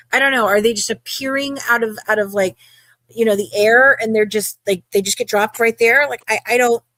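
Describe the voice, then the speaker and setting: A woman's voice: a little high, fairly bright tone, no room sound. A woman co-hosting a casual live show, rambling and exasperated, restarting her sentences. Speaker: podcast co-host. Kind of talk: casual live-stream chat.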